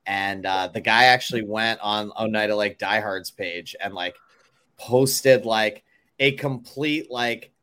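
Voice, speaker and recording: A man in casual chat, telling a story haltingly with many fillers. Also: fairly low pitch, sharp tone.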